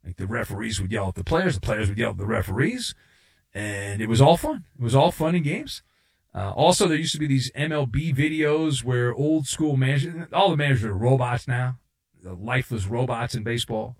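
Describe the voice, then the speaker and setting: A man's voice: mid-range voice, expressive, a little fast, vocal fry, slightly rough. A middle-aged man hosting a sports talk radio show, delivering a sarcastic, opinionated monologue and mocking outrage with put-on voices.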